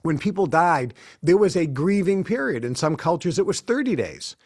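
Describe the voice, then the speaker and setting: Higher-voiced man telling anecdotes. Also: big pitch swings, normal speed, darkish tone, dry recording, clean studio sound. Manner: anecdotal, acts out quoted dialogue. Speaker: interview guest. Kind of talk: storytelling in a studio interview. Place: studio.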